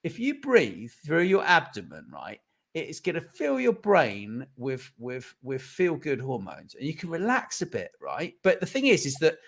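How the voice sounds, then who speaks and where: A man's voice: a little high, wildly swooping pitch, normal speed, creaky. A man in casual conversation, talking earnestly with many restarts and a habit of asking "right?". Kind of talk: casual chat.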